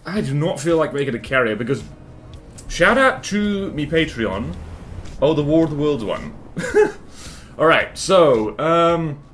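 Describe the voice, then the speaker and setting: A man's voice: on the high side, animated, slow pace, long pauses, fairly bright tone, a little hiss or hum. A young man chatting casually on a game livestream, rambling and joking as he greets viewers by name. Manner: rambling, self-mocking, greets chat by name. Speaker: streamer. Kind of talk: casual gaming livestream chat.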